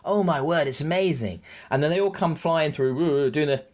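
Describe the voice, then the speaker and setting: A man co-hosting a podcast, chatting casually and excitably on a headset mic, acting out the scenes he describes. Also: a little high, normal speed. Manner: excitable, jokey, acts out scenes. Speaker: podcast co-host. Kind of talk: casual recap chat.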